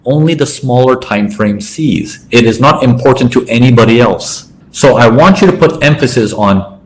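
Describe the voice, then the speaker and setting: A man teaching a trading lesson over a chart walkthrough, talking in an animated way and acting out traders' thoughts in quoted asides. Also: medium pitch, normal speed, poor audio. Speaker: trading educator.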